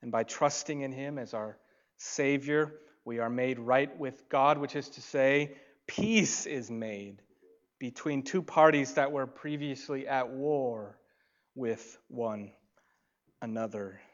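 A man preaching a sermon, swinging between loud emphasis and soft, quiet asides. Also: mid-range voice, slow, lo-fi sound. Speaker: pastor.

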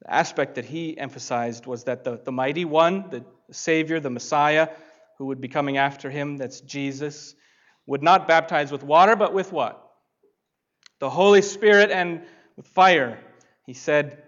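A man preaching a sermon, reading scripture and rising to loud emphasis on key phrases. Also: fairly high pitch, a little slow. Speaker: pastor. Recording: dull lo-fi sound.

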